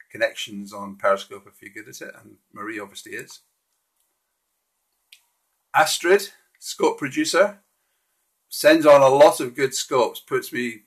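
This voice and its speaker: A man's voice: medium pitch, husky. A man hosting a casual live stream, walking through slides in a friendly, hesitant way with frequent restarts.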